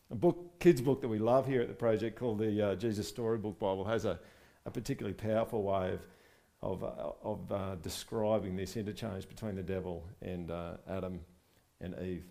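A man as pastor preaching a sermon at a church service, lively and asking the congregation questions. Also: on the low side, a little fast, vocal fry.

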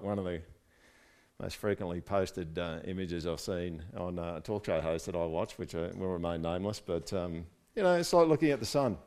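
A man's voice: fairly low pitch, darkish tone. A man preaching a casual, conversational sermon, with joking asides and frequent "right?" check-ins to his listeners. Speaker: pastor.

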